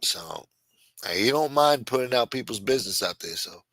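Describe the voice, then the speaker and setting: A man's voice: mid-range voice, expressive, moderate pace, fairly bright tone, no room sound. A man hosting a casual live stream, rambling and swearing, reading chat aloud and acting out quotes in a raised voice.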